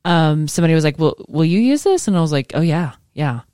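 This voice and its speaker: A woman's voice: low voice, very animated, fast talker, dark tone, smooth, dry recording, studio quality. A woman in her forties, a schoolteacher co-hosting a casual chat show, chatty and laughing, swearing casually. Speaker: co-host, schoolteacher.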